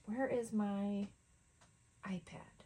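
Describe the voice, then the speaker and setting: A woman's voice: mid-range voice, steady tone, extremely slow, mellow. A young woman chatting casually to viewers while making art, self-deprecating and muttering to herself as she works. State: out of breath. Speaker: art journaling vlogger. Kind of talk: casual crafting chat to viewers.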